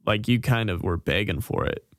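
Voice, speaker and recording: A man from the Midwest, a comedian guest on a podcast, talking in a dry, laid-back, deadpan way. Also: lowish voice, moderate pace, dry recording. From American Midwest. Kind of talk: casual comedy chat.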